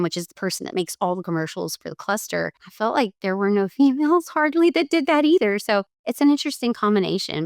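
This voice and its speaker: A woman's voice: medium pitch, dry recording, studio quality. A woman chatting as a guest in a casual interview, talkative with lots of fillers and frequent laughter. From Lafayette, Louisiana, USA. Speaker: radio DJ and cosplayer, guest.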